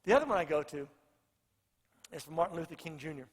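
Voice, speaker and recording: Preaching earnestly in a church-sanctuary echo with long reverb, a male pastor with a fairly high, husky voice speaks quickly and with animation. He hammers his points by repeating phrases.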